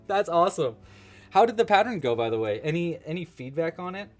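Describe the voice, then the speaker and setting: A man's voice: fairly high pitch, sing-song, normal speed, soft background music. A man hosting a live crochet-along, chatting casually and joking while he thinks aloud about his work. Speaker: livestream crochet host.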